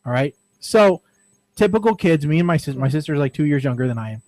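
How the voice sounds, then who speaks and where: A man's voice: on the high side, expressive, fast, a little mellow, dry recording, low-quality recording. A man in his forties co-hosting a casual radio show, telling a childhood story in a rambling, self-deprecating way. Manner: rambling, self-deprecating, frequent "all right". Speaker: podcast co-host.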